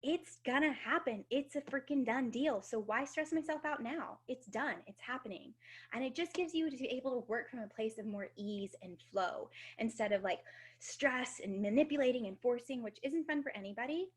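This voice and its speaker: A woman's voice: fairly high pitch, expressive, moderate pace, breathy edge. A woman, likely in her thirties, giving a casual, upbeat motivational talk on a video team call, swearing now and then. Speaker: guest speaker.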